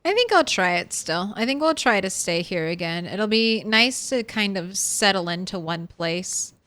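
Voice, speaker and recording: A woman's voice: mid-range voice, lively intonation, moderate pace, fairly bright tone. A young woman streaming a zombie survival game, chatting casually with viewers and laughing often. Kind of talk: casual gameplay commentary.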